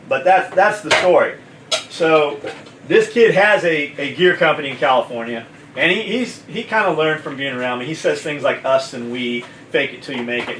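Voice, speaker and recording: A man who owns a gear company tells a story in casual conversation, blunt and swearing constantly. His voice sits a little high with a fairly bright tone and a slight hiss or hum. The room is echoey, the mic is some distance away, and faint kitchen clatter can be heard.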